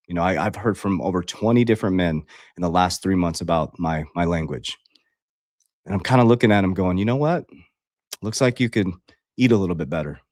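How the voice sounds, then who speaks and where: A man with a low, darkish voice delivers a livestream motivational talk as a life coach. He speaks straight to his viewers as "guys," bluntly and confrontationally, swearing freely. The recording has no echo and clean studio sound.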